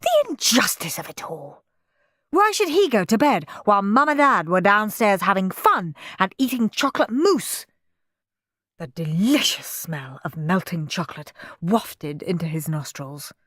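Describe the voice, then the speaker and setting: A woman narrating a children's audiobook in an expressive storybook manner. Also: mid-range voice, dry recording, clean studio sound. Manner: expressive, unhurried.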